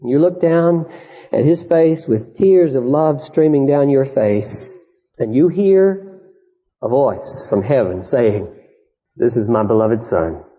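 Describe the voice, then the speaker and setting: A man preaching an impassioned sermon, swinging from high urgent cries to hushed storytelling. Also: animated, takes it slowly. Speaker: pastor. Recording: dull, echoey 1980s church sermon recording.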